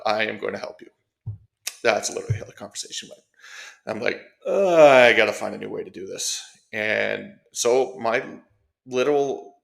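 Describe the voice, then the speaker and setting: A man hosts his own podcast in a loose, rambling way, full of ums and restarts. His voice sits a little low and carries heavy fry throughout. He sounds friendly and chatty. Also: a bit bright. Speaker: podcast host, mortgage agent. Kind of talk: casual solo podcast talk.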